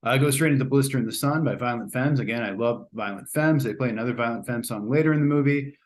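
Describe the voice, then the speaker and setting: A man's voice: mid-range voice, fast talker. A man hosting a casual spoken movie review, chatty and rambling, often hedging and restarting his sentences. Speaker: host.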